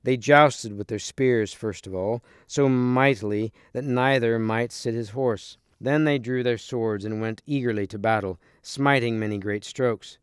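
A man reading a storybook aloud to listeners in steady, clear narration. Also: medium pitch, measured pace, few pauses, no room sound, clean studio sound. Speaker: reader.

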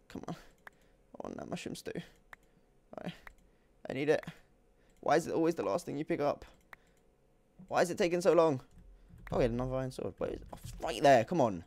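A young man giving excitable, jokey commentary while playing a video game, swinging between loud outbursts and quiet muttering. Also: mid-range voice, normal speed, long pauses, slight background noise. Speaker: gaming YouTuber. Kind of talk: gameplay commentary.

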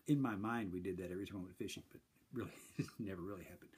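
A man's voice: low voice, rapid-fire, darkish tone, husky. A man in his sixties hosting a daily morning show, rambling and chuckling in a self-deprecating way. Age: 60s. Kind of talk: casual morning monologue.

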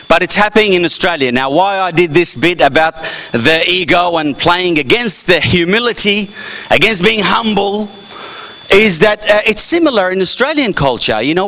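A man's voice: high voice, pushed and bright. A man hosting a cultural festival as MC, joking in a playful, self-mocking way on stage before a live audience. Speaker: MC and comedian. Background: audience faintly heard.

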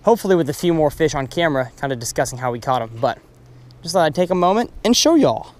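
A young man hosting a fishing vlog from a boat on a river, excitable, whooping and laughing. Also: fairly high pitch, fast talker. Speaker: fishing channel host.

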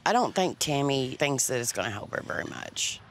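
A woman's voice: rumbling low, big pitch swings, fairly quick, a little hiss or hum. A woman speaking matter-of-factly in a reality TV interview.

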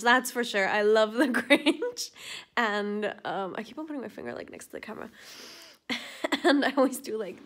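Woman, vlogger, casual chat at home, tired, giggly, rambling, whispered asides, middle pitch. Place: at home indoors.

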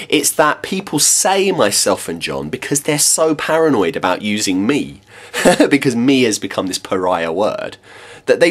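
A man's voice: medium pitch, a bit bright. Exasperated man ranting. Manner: exasperated, emphatic, sarcastic. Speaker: English teacher and vlogger. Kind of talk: monologue rant to camera.

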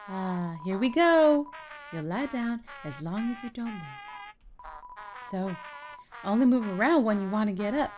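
A woman voicing a sad, shy, timid ghost in a video game, speaking quietly and hesitantly and apologizing often. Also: mid-range voice, slight background noise, natural voice. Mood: gloomy.

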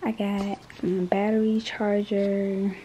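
A woman's voice: mid-range voice, little pitch movement, slow pace, dark tone. A woman in her late teens talking casually to her phone camera in a vlog, chatty and often dropping to a whisper. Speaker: vlogger. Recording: noisy phone recording.

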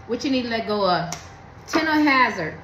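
A woman's voice: on the high side, very animated, moderate pace, bright, forceful tone, roomy sound, slight background noise, poor audio. A woman giving a blunt, emphatic tarot reading, talking in slang and preaching to her viewers. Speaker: tarot card reader.

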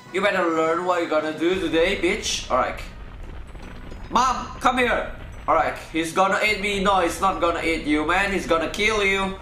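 A man hosting a let's play, excitable and swearing constantly, with loud panicked outbursts. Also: high-pitched. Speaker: gaming channel host. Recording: roomy room sound with faint game music. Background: faint game music.

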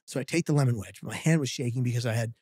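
Husky-voiced man telling a lively story. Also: medium pitch, very fast, dry recording, studio quality. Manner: animated storyteller, acting out quotes. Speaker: guest. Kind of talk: storytelling in a podcast interview.

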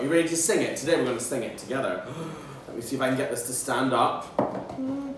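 Male teacher, animated children's phonics lesson, recorded from a distance, faint hiss. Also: medium pitch. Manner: playful, animated, slow and drawn out for young learners. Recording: echoey room, mic at a distance, faint background noise.

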